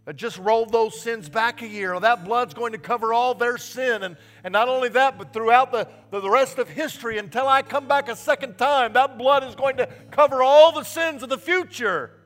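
A man's voice: very high voice, normal speed, hardly any pauses. A male pastor preaching a sermon with passion, stressing his points by repeating words. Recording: reverberant hall with soft guitar.

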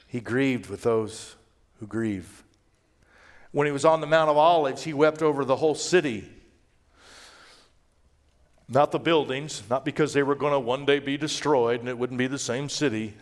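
A man's voice: medium pitch, normal speed, long pauses. Impassioned male pastor preaching. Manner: impassioned, swings between loud emphasis and hushed tones. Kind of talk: sermon.

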